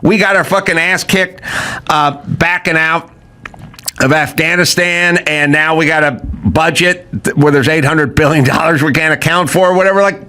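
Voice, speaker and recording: A man's voice: fairly high pitch, fairly even intonation, normal speed, bright, forceful tone, clear, resonant tone. A middle-aged man hosting a comedy talk show, ranting sarcastically and mocking people. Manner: sarcastic, mocking, mimics others in exaggerated voices. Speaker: podcast host.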